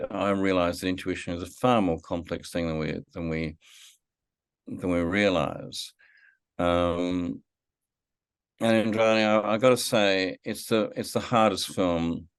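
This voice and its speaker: A man's voice: sits low, smooth, no room sound. A middle-aged man, a filmmaker guest in a podcast interview, telling a story reflectively with many fillers and restarts. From Australia.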